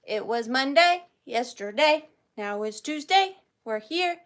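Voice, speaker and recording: A young woman with a high, bright-sounding voice hosts a live vintage sale. She chats in a bubbly, playful way and greets her viewers one by one. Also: expressive, takes it slowly. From Georgia, US. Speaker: online vintage seller hosting a live sale.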